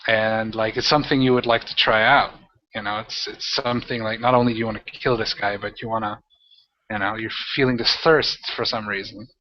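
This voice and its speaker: A man narrating as game master of a tabletop role-playing game, talking in halting, rambling bursts with many restarts. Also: lowish voice, fairly even intonation, a little hiss or hum. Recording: dull lo-fi audio.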